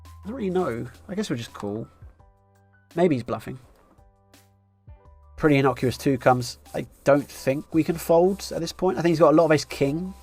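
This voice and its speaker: A man's voice: a little high, lively intonation, moderate pace, pauses often, darkish tone, faint music behind. A man streaming live poker, musing through his decisions and thinking aloud with wry asides.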